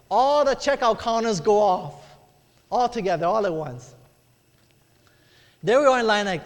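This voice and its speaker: A middle-aged man preaching a sermon, telling a personal story and acting out the voices in it, calling for amens from the congregation. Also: high voice. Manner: storytelling, acts out quoted voices, calls for amens. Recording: long hall reverb.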